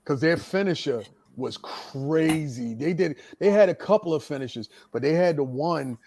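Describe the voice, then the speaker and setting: Animated veteran man telling stories. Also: fairly high pitch, moderate pace. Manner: animated storyteller, acts out quotes. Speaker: guest, veteran wrestler. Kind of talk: casual storytelling chat.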